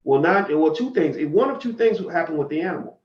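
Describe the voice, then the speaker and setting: A man's voice: on the high side, animated, fast talker, echoey room, lo-fi sound. A man giving a blunt, profane, heated monologue on a livestream. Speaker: commentator.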